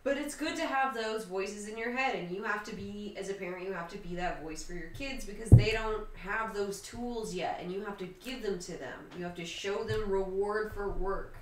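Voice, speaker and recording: A woman's voice: mid-range voice, moderate pace, hardly any pauses, echoey room, background noise. A woman co-hosting a radio show, chatting in a casual, agreeable and matter-of-fact way. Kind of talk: casual chat.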